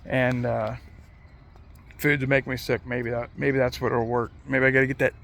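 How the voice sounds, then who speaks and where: A man in a casual vlog speaks in a gravelly, mid-range voice, open and self-critical. His talk is loose and unscripted, peppered with "like" and frequent swearing. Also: mid-range voice, flat delivery, normal speed, a bit bright. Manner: candid and self-critical, swears freely, many "like" fillers. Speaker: vlogger and competitive archer.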